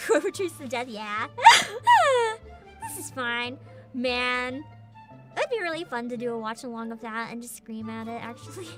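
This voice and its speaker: A woman's voice: sits high, sharp tone. A woman streaming as a VTuber, ranting sarcastically in a casual livestream and laughing often.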